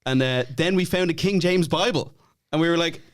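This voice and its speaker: A man's voice: a little high, a little fast, clear, resonant tone, no room sound, clean studio sound. An Irish man chatting as a podcast guest, laughing and swearing a lot as he tells stories. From Ireland. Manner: laughing, swearing, animated storytelling. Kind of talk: casual chat.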